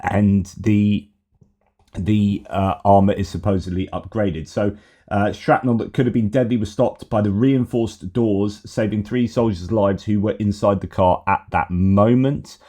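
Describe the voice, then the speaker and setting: A man's voice: on the low side, dark tone. A middle-aged man from Britain hosting a news update, rambling and correcting himself as he thinks aloud. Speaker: host of a war news channel. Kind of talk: casual news commentary.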